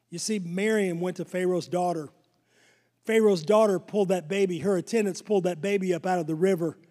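Older male pastor, fervent and high-voiced. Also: a little mellow, in a large hall. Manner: fervent, repetitive preaching with chuckles. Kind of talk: sermon.

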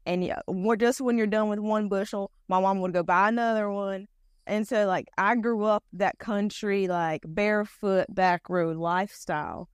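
A Southern-accented North Carolina woman talks casually and easily, scattering fillers through her chat. Her voice sits at a middle pitch. It is recorded close and dry, with no room sound. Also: steady tone, moderate pace, clean tone, dry recording. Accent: Southern US, eastern North Carolina. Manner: chatty, down-to-earth, many fillers. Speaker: podcast guest, pageant titleholder. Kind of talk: casual conversation.

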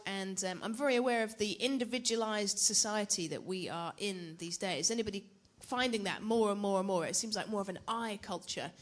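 A young woman gives a church teaching talk in a relaxed, conversational way. She jokes at her own expense and keeps turning questions back to the audience, her voice sitting at an ordinary middle pitch. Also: a little fast, hardly any pauses. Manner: chatty, self-deprecating, asks the audience questions. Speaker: preacher.

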